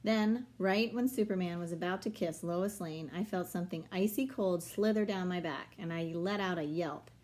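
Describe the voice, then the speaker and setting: A woman reading a children's novel aloud in a steady storytelling manner. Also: lowish voice, normal speed, few pauses. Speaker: reader.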